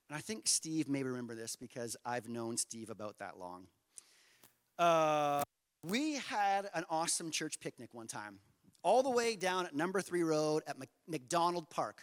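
A man's voice: fairly high pitch, fairly bright tone. A man in his forties preaching a sermon, casual and self-deprecating, telling a personal story. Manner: conversational and self-deprecating, acting out the story with rising energy. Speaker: pastor. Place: church sanctuary. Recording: long hall reverb from a church sanctuary.

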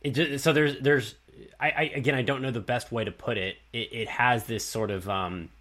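A man's voice: medium pitch, steady tone, normal speed, fairly bright tone. A man from Texas with a Texas accent, hosting a casual interview and rambling through his questions with frequent restarts. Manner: rambling, self-correcting, laughs easily. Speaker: podcast host.

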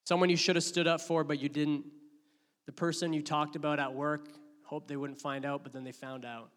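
A man delivers a sermon in a fairly high voice. He tells the story dramatically, rising to loud outbursts and dropping to hushed asides. His voice rings with long reverb, as in a large hall. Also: little pitch movement, brisk. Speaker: pastor.

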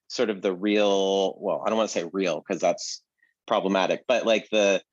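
A man's voice: low-pitched, fairly even intonation, normal speed, no echo, highs cut off. A man co-hosting a casual chat about video games, rambling with many fillers and restarts. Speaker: podcast co-host. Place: apartment.

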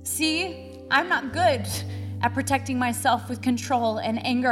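A woman's voice: high-pitched, normal speed. A woman, middle-aged, preaching a heartfelt sermon with laughter and moments of tears. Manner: heartfelt, tearful at times, laughs often. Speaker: pastor. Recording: long hall reverb with soft music.

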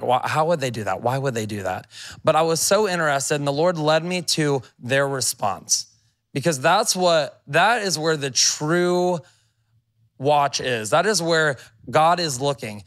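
Man preaching with a fairly high voice. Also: lively intonation, unhurried, fairly bright tone. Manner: reads scripture aloud and comments in a conversational, emphatic way. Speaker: pastor. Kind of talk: sermon.

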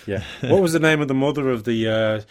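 A man's voice: medium pitch, quick pace. Australian man bantering on a podcast. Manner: dry, playful banter. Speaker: podcast co-host. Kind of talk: casual podcast chat.

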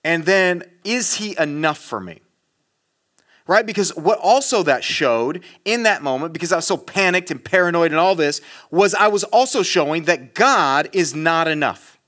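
A pastor preaching to his congregation in a high, bright male voice. He tells a story on himself in an animated way, with self-mocking asides. He drops suddenly into a hush for effect. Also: normal speed. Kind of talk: sermon.

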